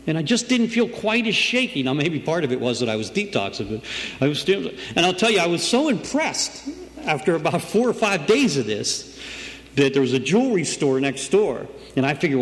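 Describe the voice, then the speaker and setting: With a slightly high, sing-song voice at normal speed, a middle-aged man narrates his recovery to a group in an easy storytelling manner, often asking "right?" The recording has long room reverb and faint background noise.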